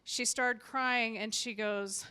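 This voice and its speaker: A nonprofit founder hosts a live community event in a hall full of audience, giving a warm, emotional speech, telling stories and repeating her motto. Her voice is on the high side, steady, slow, clear, and resonant.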